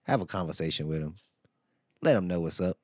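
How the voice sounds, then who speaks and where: A man's voice: deep voice, brisk, a little mellow, no echo. A man, likely in his thirties, talking candidly as a podcast host in a casual monologue, acting out quoted lines as he tells a story. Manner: candid, conversational, acts out quotes.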